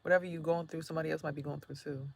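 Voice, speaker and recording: A woman vlogging in a chatty, slangy way, laughing often and swinging between loud remarks and hushed asides. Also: low voice, fairly even intonation, racing, creaky, no echo. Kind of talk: casual spiritual vlog monologue.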